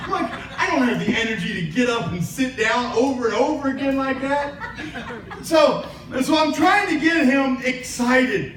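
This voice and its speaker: A man's voice: very high-pitched, expressive, moderate pace, fairly bright tone, roomy sound, distant mic, slight background noise, low-quality recording. A man preaching a sermon as pastor, telling a story and building to emphatic preaching. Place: church sanctuary.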